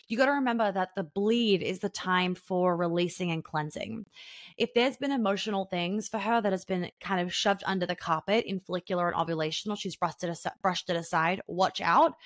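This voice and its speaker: A woman's voice: fairly low pitch, a little fast, dry recording, clean studio sound. A young woman talking casually and frankly on a podcast, acting out the voices of people she quotes. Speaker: podcast guest.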